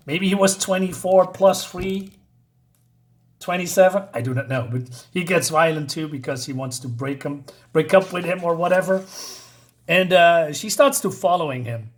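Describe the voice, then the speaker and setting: A man talks casually through a comic book. He reads the speech bubbles aloud in loose, half-acted voices and laughs often between panels. His delivery stays loose and chatty, full of fillers. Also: on the high side.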